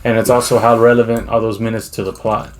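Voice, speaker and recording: A man's voice: lowish voice, level tone, quick pace, a little hiss or hum. A man co-hosting a podcast in casual chat, speaking in a laid-back, profane way. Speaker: podcast co-host.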